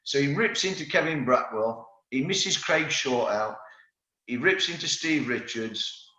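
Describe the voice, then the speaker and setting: A man's voice: medium pitch, measured pace. A man in his fifties, a former footballer, telling rambling stories with restarts in a casual interview. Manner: lively storyteller, rambling with restarts. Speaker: former footballer, podcast guest. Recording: roomy, slightly dull recording.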